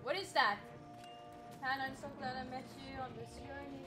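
A woman streaming a game live, excitable and giggly, swearing freely while chatting to viewers. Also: sits high, moderate pace. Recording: game music playing behind.

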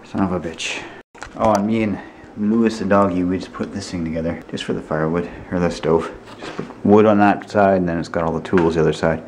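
A man's voice: fairly even intonation, fairly quick, a little mellow, slight background noise. A man chatting casually to his camera as a vlogger. He talks bluntly, grumbles and swears freely. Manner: high sing-song baby talk to a dog. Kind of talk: casual vlog chat. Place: outdoors on a rural property with horses.

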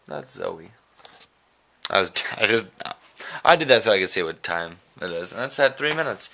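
A young man rambles goofily into the handheld camera at home, making fun of himself as he chats. His voice is lowish but has a sharp, bright edge. It is a loose, unscripted daily vlog. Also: animated, moderate pace, creaky, long pauses. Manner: goofy, rambling, self-mocking. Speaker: vlogger. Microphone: handheld camera mic.

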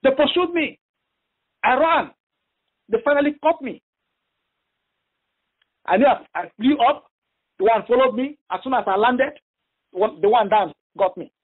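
Husky high guy preaching, stops and repeats a lot, tinny phone line. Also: lively intonation. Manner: halting, repeats himself, emphatic retelling. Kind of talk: sermon over a phone prayer line.

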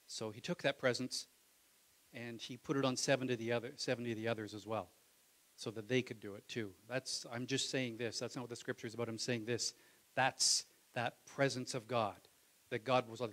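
With a steady tone and moderate pace, a man preaches a sermon in a mid-range voice. His delivery is casual and conversational, dramatizing biblical voices and moving from soft asides to loud calls.

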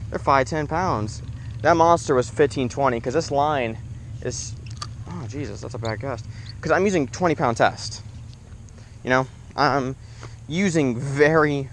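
A young man filming his own fishing trip at a lake shore, talking in an excitable, rambling way and swearing when frustrated. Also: medium pitch, slight background noise. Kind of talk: casual outdoor fishing vlog.

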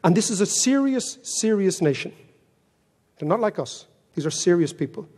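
An Irish man delivers a keynote talk full of stories, wry and self-mocking. His voice sits fairly high for a man. The sound rings with the long reverb of a big hall. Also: lively intonation, normal speed, darkish tone. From Ireland. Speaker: keynote speaker.

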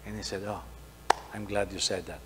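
A middle-aged man, preaching a sermon, telling a story and swinging between loud emphasis and soft asides. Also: deep voice, fairly even intonation, moderate pace. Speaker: pastor. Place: church hall. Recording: faint hum, long hall reverb.

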